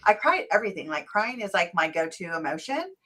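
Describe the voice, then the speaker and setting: A woman's voice: mid-range voice, fast. Chatty woman podcast host. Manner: chatty and animated, acts out quotes. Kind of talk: casual interview chat.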